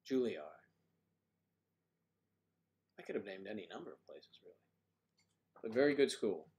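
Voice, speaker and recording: An older man hosting a livestream, chatting casually and rambling, thinking aloud with frequent pauses. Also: lowish voice, sing-song, darkish tone. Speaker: livestream host.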